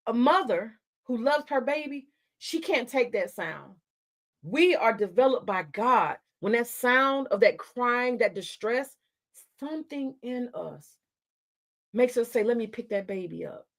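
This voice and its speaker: A woman's voice: on the high side, expressive, slow. A woman hosting a livestream, ranting at her chat in a confrontational, profane way. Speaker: livestream host.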